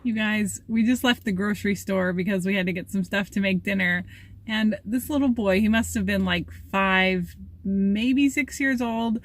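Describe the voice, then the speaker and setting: A woman's voice: mid-range voice, normal speed. A young woman filming herself for a casual travel vlog, chatty and upbeat, laughing often. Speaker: vlogger. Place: outdoors and in a cabin. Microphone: handheld camera, self-filming.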